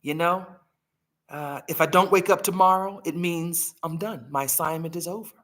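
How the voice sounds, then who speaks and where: A corny older man facing death with calm, deadpan humor, as a woman retells his words. He speaks slowly and quietly with a straight face, and his voice is bright and forceful. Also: fairly low pitch. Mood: calm, settled.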